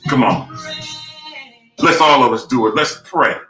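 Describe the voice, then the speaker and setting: A man hosts a live online talk show, his voice bright and forceful. He builds his lines in emphatic, rhythmic runs like a preacher. The sound carries a roomy echo. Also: medium pitch, a little slow, faint music behind. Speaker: host.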